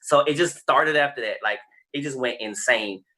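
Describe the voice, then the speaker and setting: A Texan podcast guest, wrestler and creator of the wobble dance, tells stories casually and animatedly, acting out other people's lines and swearing freely. His mid-range voice is pushed and bright, at normal speed.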